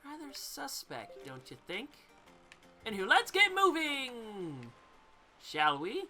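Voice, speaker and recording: A woman chatting playfully through a video game, explaining each step as she goes. Her voice is bright and animated, and faint game music plays underneath. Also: on the high side, takes it slowly. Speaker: let's play host.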